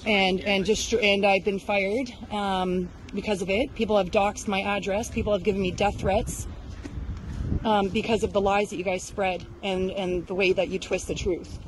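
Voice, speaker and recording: A woman in her thirties confronting a news crew outdoors at a protest, accusing them with rapid rhetorical questions. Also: medium pitch, little pitch movement, noisy background. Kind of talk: heated street confrontation.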